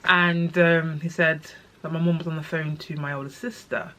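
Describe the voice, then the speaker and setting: A young woman telling a personal story in her vlog, tearful and halting, with many pauses and restarts. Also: sits low, fairly even intonation, fairly bright tone. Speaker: vlogger.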